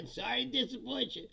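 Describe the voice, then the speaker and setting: Male live-stream host with a husky, slightly high voice, blunt and profane, chuckles often. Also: bright, forceful tone. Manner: profane, blunt, laughs often between remarks. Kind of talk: casual ranting live-stream commentary.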